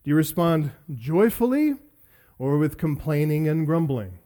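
A middle-aged man preaching a sermon in a voice that sits a little high for a man. He poses earnest questions to his listeners and slips in personal stories told with a self-deprecating humor. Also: sing-song, measured pace, mellow. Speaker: pastor.

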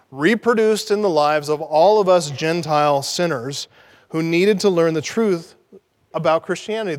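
High-voiced emphatic male preacher. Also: in a large hall. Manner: emphatic, repeats key words for stress. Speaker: pastor. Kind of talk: sermon.

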